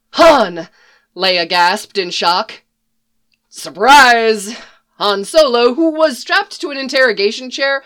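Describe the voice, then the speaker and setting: A woman narrating a fan fiction story in an expressive reading voice. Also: a little high.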